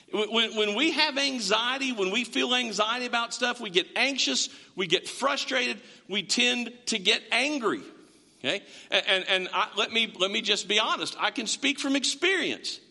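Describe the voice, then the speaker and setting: A man's voice: very high voice, sharp tone, big-room sound. A man preaching a sermon as pastor, in a conversational way, repeating words and asking the congregation questions, in a church sanctuary.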